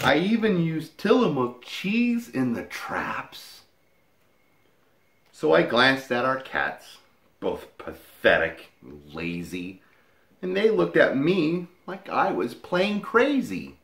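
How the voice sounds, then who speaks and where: Man, rhyming story narration, lively pitch swings, slow pace, echoey room. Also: a little hiss or hum. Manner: lively, playful sing-song reading. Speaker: woodworking video maker.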